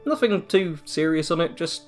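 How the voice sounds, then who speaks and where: Sitting in a dim room at home after work, a young channel host rambles through an end-of-year update full of self-mocking jokes. He sounds a little high and very animated at a moderate pace, with soft music in the background.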